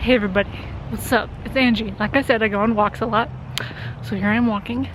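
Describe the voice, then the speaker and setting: A young woman from Colorado talking casually in a vlog. She is chatty, laughs often and drops into hushed asides. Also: medium pitch, steady tone, quick pace, a little hiss or hum, low-quality recording. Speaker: vlogger. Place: outdoors on a walk, later at a hospital.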